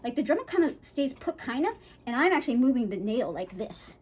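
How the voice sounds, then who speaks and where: Her voice sits a little high, with big swings in pitch and a slightly rough edge, captured on a low-quality recording. A woman dog groomer chats her way through an easygoing demonstration, reassuring listeners and checking in with "right?". Now and then she playfully imitates a scared dog using rapid voices.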